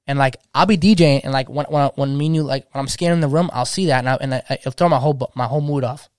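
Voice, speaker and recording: A man's voice: medium pitch, very fast, few pauses, no echo, clean studio sound. A man in his thirties, a DJ, talking passionately in casual slang and restarting his sentences often. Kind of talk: casual podcast chat.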